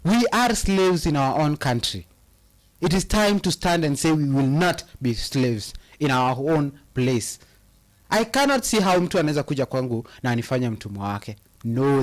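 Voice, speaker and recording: A Kenyan man hosting a casual chat and reading out viewer comments, mixing Swahili into his English with halting restarts. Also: a little high.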